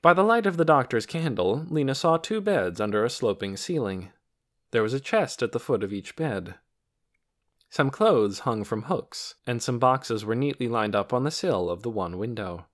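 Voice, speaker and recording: Expressive male audiobook narrator. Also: normal speed. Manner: expressive storytelling with lively pitch. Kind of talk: scripted narration.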